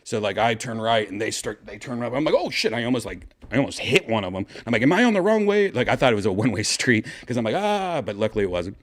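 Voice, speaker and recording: A man hosting a podcast, casually telling a story with excitement and swearing, acting out his own shouts. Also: fairly low pitch, fast talker, few pauses. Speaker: podcast host.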